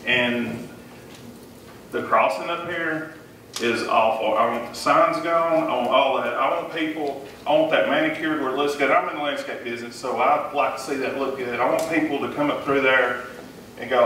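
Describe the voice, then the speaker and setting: A man's voice: medium pitch, normal speed, a bit bright. A man with a Southern US accent, a city council candidate giving an earnest forum speech and repeating himself now and then. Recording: echoey room, mic far off, noisy.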